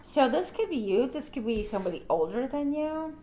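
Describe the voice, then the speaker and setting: A middle-aged woman giving a casual tarot reading to her audience, chatty and animated, with playful asides. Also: sits high, brisk, a little hiss or hum. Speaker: tarot reader.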